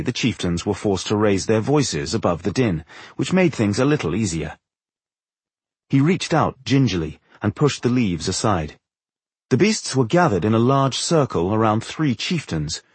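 A man narrating a fantasy audiobook in an expressive storytelling manner, with a husky voice. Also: lowish voice, no room sound.

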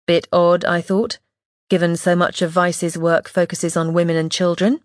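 A woman reading a first-person audiobook in a measured, wry, observant way, close to the mic. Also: fairly low pitch, flat delivery, dry recording. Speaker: audiobook narrator.

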